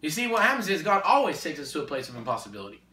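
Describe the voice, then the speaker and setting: A man preaching in a conversation, emphatic and repetitive, building to forceful exhortation. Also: a little high, sing-song, racing, slight background noise. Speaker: Christian speaker. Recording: echoey room, distant mic.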